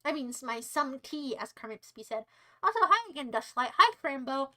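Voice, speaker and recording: A woman's voice: sits high, sing-song, fairly quick, bright, forceful tone, low-quality recording. A young American woman streaming live, chatting with her viewers in a playful, teasing, rambling way. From United States. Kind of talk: casual livestream chat to viewers.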